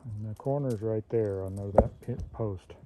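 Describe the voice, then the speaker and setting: A man casually explaining his work outdoors in the woods as he goes, in a halting way with many fillers, recorded on a handheld camera. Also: lowish voice. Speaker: vlogger marking property boundary trees. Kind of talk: casual how-to narration while working. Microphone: handheld camera mic. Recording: outdoor camera audio with background noise. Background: outdoor nature sounds.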